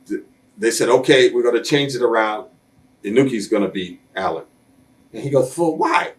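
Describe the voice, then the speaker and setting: A blunt, streetwise man spins stories in a sit-down interview. His voice sits at an ordinary middle pitch. He jumps into other people's voices to act out what they said. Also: normal speed. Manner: blunt, streetwise storyteller who acts out quoted voices. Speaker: interview guest. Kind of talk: shoot interview storytelling.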